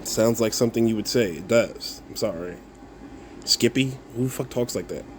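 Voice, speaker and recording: A man's voice: fairly low pitch, brisk, darkish tone, slight background noise. A content creator, a man, replying to viewer comments in a casual rant, mocking and swearing, breaking into laughs and repeating himself.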